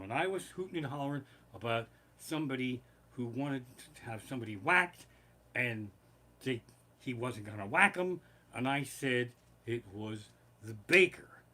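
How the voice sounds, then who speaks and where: A man doing comedic storytelling on a live stream from his living room, rambling, swearing freely and getting heated. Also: medium pitch. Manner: profane, rambling and animated. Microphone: basic home streaming setup.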